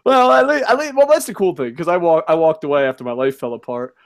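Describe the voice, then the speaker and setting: Man, young adult, higher voice, profane, rambling, excitable, wrestling podcast co-host. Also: fast talker. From United States. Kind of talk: casual wrestling chat.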